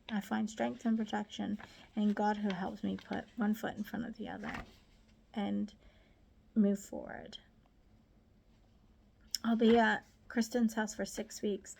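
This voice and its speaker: A woman reading her own diary aloud, soft and often half-whispered, halting and grieving. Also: medium pitch, vocal fry, a little hiss or hum. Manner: halting, with restarts. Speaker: diary reader.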